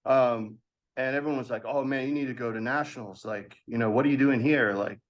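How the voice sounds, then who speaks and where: A man in his thirties, a podcast guest telling an animated story from his past and acting out the voices of others with laughs. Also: medium pitch, brisk. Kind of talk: storytelling in a casual interview.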